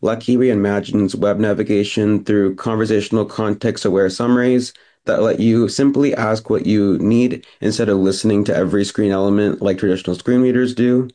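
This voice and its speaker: A young man with a hoarse voice reading a scripted company pitch over a video call. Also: normal speed. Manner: steady, scripted delivery. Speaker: founder and CEO. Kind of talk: read pitch presentation.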